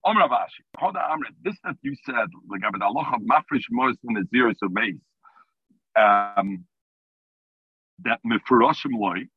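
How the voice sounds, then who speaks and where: A man with a medium-pitched, breathy voice and lively intonation leads a Talmud class by phone while driving, speaking at normal speed with no echo. The line is tinny, and he mixes Hebrew and Aramaic terms into his English explanation.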